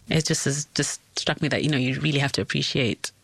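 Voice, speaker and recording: A woman hosting an interview, asking gentle questions and reflecting with empathy. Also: rumbling low, brisk, creaky, breathy edge, no room sound. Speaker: interviewer, host.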